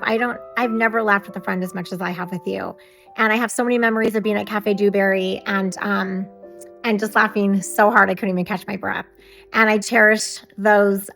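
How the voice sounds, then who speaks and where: A woman recording a heartfelt birthday message to a friend, speaking tenderly and haltingly, with many pauses and fillers. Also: mid-range voice, creaky, fairly bright tone. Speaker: friend giving a birthday tribute.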